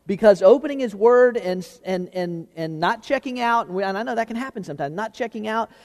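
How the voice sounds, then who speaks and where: A man's voice: high-pitched, lively intonation, a little fast, darkish tone, big-room sound. A man preaching a sermon as pastor, chatty and conversational, asking the congregation questions and repeating words as he finds them.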